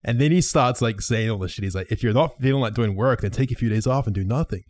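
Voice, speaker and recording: Swearing young podcast host. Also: male voice, medium pitch, fast, a little mellow. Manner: swears a lot, laughs while telling stories. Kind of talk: casual podcast chat with friends.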